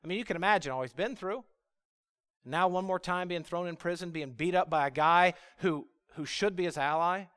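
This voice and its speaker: A middle-aged man preaching a sermon, his voice sitting fairly high for a man. He is animated, acting out the prophet's complaints with feeling, and he turns low and quiet when he reads scripture. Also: a little fast, clean tone.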